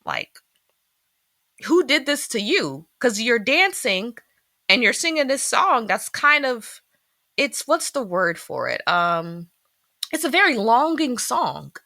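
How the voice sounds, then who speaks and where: A woman's voice: fairly high pitch, slow, creaky, no room sound, clean studio sound. A woman from Philadelphia co-hosting a podcast, chatting casually and expressively about a film she reviews. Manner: animated, expressive, teasing. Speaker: podcast co-host.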